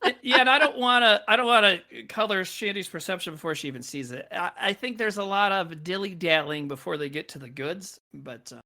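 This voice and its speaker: A man's voice: high-pitched, brisk, hardly any pauses, bright, forceful tone. A man hosting a podcast, talking casually about movies in a rambling way, with lots of fillers and restarts. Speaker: podcast host.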